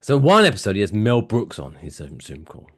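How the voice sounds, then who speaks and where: An animated man telling stories on a podcast. His pitch swings widely and he breaks into loud, excited bursts. His voice sits on the low side. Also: brisk, husky. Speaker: podcast co-host. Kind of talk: casual chat.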